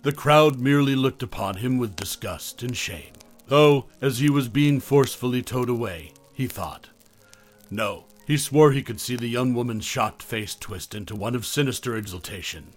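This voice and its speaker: A man reading a scripted horror story in a measured, dramatic way. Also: medium pitch, soft background music. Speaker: horror podcast narrator.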